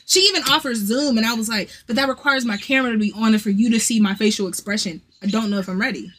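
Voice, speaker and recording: Woman, podcast host, casual chat, animated, slightly high pitch, faint background noise. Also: fast. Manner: animated, laughs often, acts out quotes.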